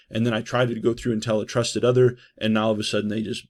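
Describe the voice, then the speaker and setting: A man leads a trauma-response training session. His voice is gravelly, and his delivery stays loose and conversational, checking in with "right?" and pausing on "uh" between points. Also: on the low side, flat delivery, darkish tone. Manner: conversational, frequent "right?" and "uh" fillers. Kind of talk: training lecture.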